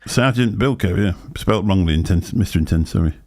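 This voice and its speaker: Chatty older man, low voice. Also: fairly quick, darkish tone. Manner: chatty anecdotal storyteller, laughs often. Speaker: show host. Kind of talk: casual livestream chat.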